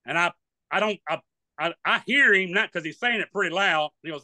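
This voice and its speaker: An older hunting guide with a thick Louisiana drawl rambles through homespun stories in an interview. His voice sits high and sounds sharply bright. The recording is dry and close, with no room sound. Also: a little fast, no room sound. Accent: Southern US, Louisiana. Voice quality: hard of hearing. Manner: folksy rambling storyteller, acts out voices. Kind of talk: storytelling in an interview.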